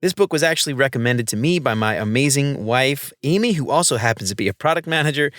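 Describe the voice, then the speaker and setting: A man's voice: medium pitch, expressive, quick pace, a bit bright, no room sound, clean studio sound. A man hosting a casual podcast, upbeat and laid-back with slangy greetings. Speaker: podcast host.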